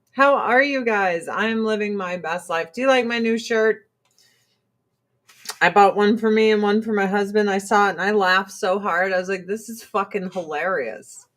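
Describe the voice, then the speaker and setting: A middle-aged woman chatting casually to camera as a vlogger, laughing often. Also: mid-range voice.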